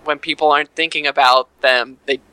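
A man co-hosting a podcast, rambling in relaxed casual chat. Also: fairly high pitch, fairly quick, smooth, no echo. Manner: rambling, laid-back, many fillers. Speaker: podcast co-host.

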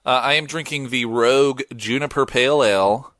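A man's voice: medium pitch, normal speed, a bit bright, no echo. A young man hosting a podcast in casual, slangy chat, laid-back and wandering off on tangents. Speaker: podcast host.

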